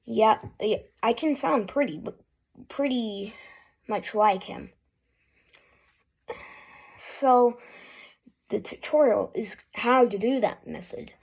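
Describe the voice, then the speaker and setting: A woman hosting a casual spoken tutorial, talking haltingly with fillers and restarts. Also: fairly high pitch, vocal fry, darkish tone, slightly rough. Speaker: YouTube voice tutorial host.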